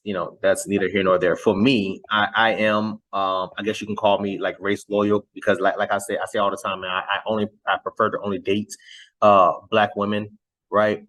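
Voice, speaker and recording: A young adult man hosts his show with casual reaction commentary. He rambles in a conversational way, full of fillers and restarts. His voice sits a little on the low side. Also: a bit bright, low-quality recording. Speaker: host.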